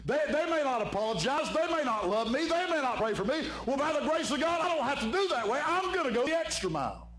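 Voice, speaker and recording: A man's voice: extremely high pitch, very animated, quick pace, few pauses. A man preaching an evening sermon as pastor, fervent and fond of saying "my friend". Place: church sanctuary. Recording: echoey church room with faint hum.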